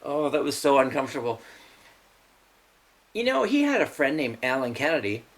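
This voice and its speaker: A man's voice: mid-range voice, big pitch swings, normal speed. A middle-aged man hosting his own show, telling blunt, profane family stories and laughing through them. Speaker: show host. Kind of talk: rambling personal storytelling.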